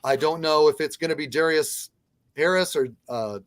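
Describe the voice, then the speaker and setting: A man co-hosting a casual sports podcast, giving earnest, measured analysis with some fillers. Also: a little high, a bit bright, no echo. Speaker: podcast co-host.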